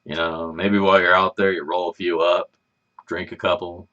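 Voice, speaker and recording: A man's voice: low-pitched, flat delivery, moderate pace, pushed and bright, lo-fi sound. A man hosting a casual livestream, chatting in a rambling, laid-back way and swearing freely. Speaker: livestream host.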